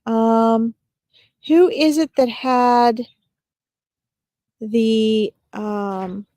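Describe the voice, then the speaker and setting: A woman giving a live-streamed psychic reading as a medium, talking in a gentle, reassuring way with frequent pauses and fillers. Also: a little high, steady tone, no echo, studio quality. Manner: gentle, reassuring address to viewers.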